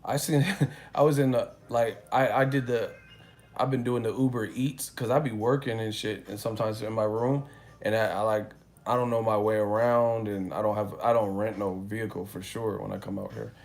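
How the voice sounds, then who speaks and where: A man's voice: on the low side, fairly even intonation, normal speed, darkish tone. A man hosting a live boxing talk stream from a hotel room, speaking in a loose, profane, rambling way as he tells stories. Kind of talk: casual live-stream chat.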